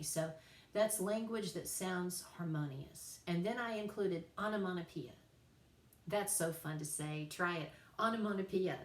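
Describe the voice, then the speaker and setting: A woman writing teacher giving a recorded class lecture, chatty and playful, slowing down to spell out examples. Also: fairly low pitch, echoey room, far from the mic.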